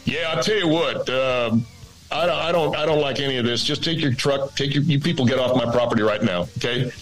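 A man's voice: mid-range voice, brisk, soft background music, lightly acted, poor audio. A man voicing a blunt, irritated Southern property owner with a Southern US accent. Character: gruff Southern property owner chasing people off.

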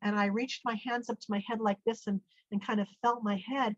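A middle-aged woman telling a personal story in a lively way, acting out the voices she quotes. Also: a little high, a little fast, no echo. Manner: animated, acts out quoted speech. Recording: dull, dry lo-fi sound.

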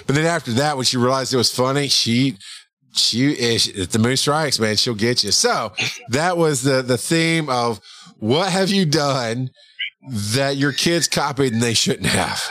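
A middle-aged man co-hosting a podcast, telling family stories in a casual, animated way and breaking into loud laughter. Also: mid-range voice, measured pace. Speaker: podcast co-host. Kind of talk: casual storytelling chat.

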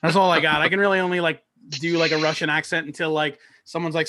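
Brief: male podcast host, casual and jokey, bright tone, dry close mic. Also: a little high, steady tone, fast talker, hardly any pauses, no echo. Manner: laid-back, jokey, many fillers like "like".

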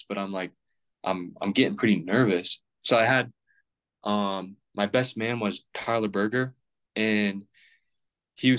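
A young man in his twenties, a podcast guest rambling casually with plenty of fillers and restarts. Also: lowish voice. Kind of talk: casual chat.

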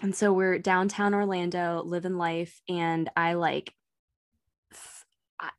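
A woman's voice: lowish voice, level tone, slow pace, no room sound, clean studio sound. A young woman in her twenties, a guest chatting casually and telling stories with frequent giggles. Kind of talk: casual chat.

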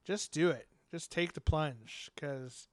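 A man's voice: on the high side, slow, dry recording, studio quality. A man chatting casually as a podcast host about running a tabletop game, rambling with lots of fillers and laughter. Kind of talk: casual chat.

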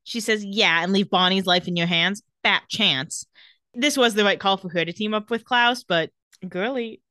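A woman's voice: medium pitch, moderate pace, sharp tone, dry recording. A young woman co-hosting a casual chat, retelling TV scenes and quoting the characters. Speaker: podcast co-host recapping a TV episode.

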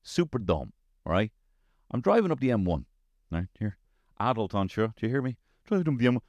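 A man with a Dublin Irish accent tells comic stories in a casual, animated monologue, his low voice leaping up and down as he goes. He swears freely and keeps checking in with the listener. The sound is close and dry. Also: a little fast, pauses often, no room sound, muffled recording. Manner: animated storytelling, swears freely, lots of tag questions.

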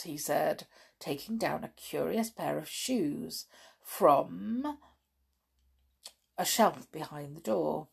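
A woman reading a children's story aloud at a gentle, unhurried pace. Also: deep voice, expressive, gravelly, breathy edge.

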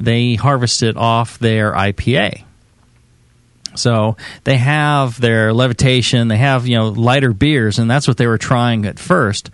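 A man's voice: medium pitch, no echo. Man talking loosely with lots of fillers. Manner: relaxed, halting with many fillers. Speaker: co-host. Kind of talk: casual chat.

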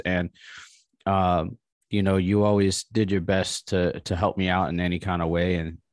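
A man in his thirties, an army veteran, speaking as a podcast guest in a halting, frank way, with many restarts and swearing. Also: deep voice, steady tone, darkish tone, dry recording, clean studio sound. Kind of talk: candid podcast conversation.

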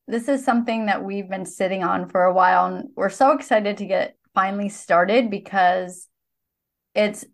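Earnest woman co-hosting a podcast. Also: medium pitch. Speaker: podcast co-host. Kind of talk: casual chat.

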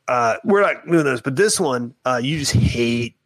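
A man's voice: medium pitch, animated, vocal fry, no echo. A man with a mid-range voice trades jokes on a casual podcast. He laughs often, and his voice sounds dry and close. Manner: jokey, laughs often, acts out quick bits. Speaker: podcast co-host. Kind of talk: casual chat about movies.

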